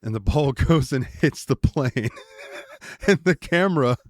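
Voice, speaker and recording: A man's voice: mid-range voice, measured pace, dry recording, clean studio sound. A man co-hosting a podcast, telling stories animatedly in casual chat. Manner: animated storytelling with laughs and voices. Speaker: podcast co-host.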